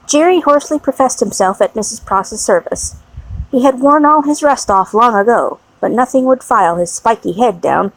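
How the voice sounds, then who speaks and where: A woman narrating an audiobook in a measured, expressive reading. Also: a little high, no echo, low-quality recording.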